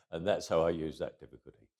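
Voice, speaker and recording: Brief: man in his eighties, interview guest, reflective storyteller, lowish voice. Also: gravelly, darkish tone. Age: 80s. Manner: reflective, repeats words as he restarts.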